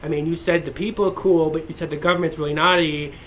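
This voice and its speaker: A man's voice: on the high side, fairly even intonation, fast, a bit bright, a little hiss or hum, close to an everyday voice. A man voicing a smug male corporate censor in a mocking, put-on accent.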